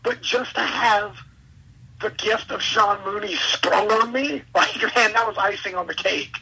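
Man, raspy and husky, gravelly fry, bright edge, excitable rambling storyteller, interview guest. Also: sits high, rough recording. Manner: excitable, rambling, quick asides. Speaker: professional wrestler, guest.

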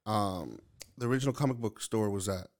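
Low-voiced man rambling in casual chat. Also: brisk, a little mellow. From New York, Lower East Side Manhattan. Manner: rambling, searches for words with many fillers.

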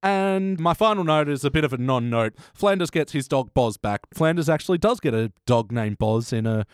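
A man's voice: a little high, animated, moderate pace, clear, resonant tone, dry recording, clean studio sound. A man hosting a casual podcast review, wry and laughing often. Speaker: podcast host.

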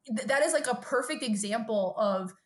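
A woman's voice: fairly high pitch, moderate pace. A woman in her late twenties co-hosting a casual podcast, speaking frankly and emphatically, swearing freely and acting out quoted lines. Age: late 20s. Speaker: podcast co-host.

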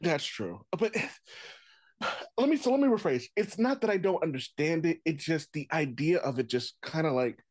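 A man's voice: fairly high pitch, lively intonation, normal speed, dry recording. A man telling rambling stories in casual podcast chat as a comedian guest. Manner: rambling storytelling, restarts, laughs often.

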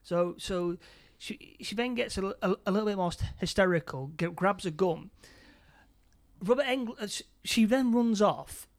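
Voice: mid-range voice, normal speed. A speaker casually retelling a film's plot scene by scene, stumbling over and repeating words. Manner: stammering, repeats words often.

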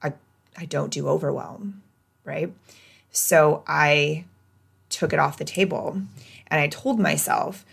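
A woman hosting her own podcast, talking candidly in a casual self-help monologue that swings between lively and hushed. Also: low-pitched, gravelly. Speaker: podcast host.

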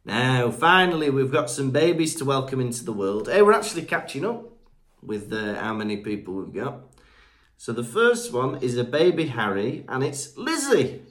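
A man's voice: mid-range voice, expressive, normal speed, fairly bright tone. A man from Britain co-hosting a podcast, chatting casually and reading out listener reviews, joking and stumbling over names. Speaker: podcast co-host.

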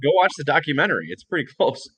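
A man's voice: a little high, fast, breathy edge. A young man co-hosting a podcast, telling long rambling stories in casual chat with plenty of swearing. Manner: rambling, profane, animated storytelling. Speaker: podcast co-host.

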